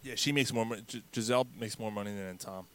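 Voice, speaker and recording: A man's voice: lowish voice, quick pace, fairly bright tone. A man hosting a casual sports podcast, talking in a rambling way with lots of fillers and restarts. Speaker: podcast host.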